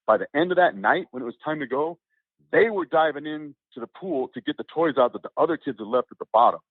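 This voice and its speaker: Male guest, casual storyteller, animated and rambling; tinny dry phone-quality audio. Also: fairly high pitch, fast, no echo. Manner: rambling, animated, many restarts and quoted voices. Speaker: interview guest.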